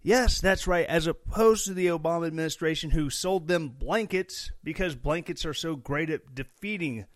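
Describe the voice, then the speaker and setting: A man's voice: on the high side, moderate pace, hardly any pauses, no echo, studio quality, faint music behind. A young man from Missouri hosting a casual solo podcast, rambling and joking with sarcastic asides. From Missouri, USA. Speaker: podcast host.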